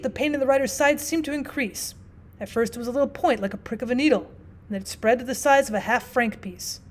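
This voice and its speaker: A woman teacher narrating a classic story aloud, expressive and lively, dropping in casual asides. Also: on the high side. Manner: expressive, with frequent "well" asides.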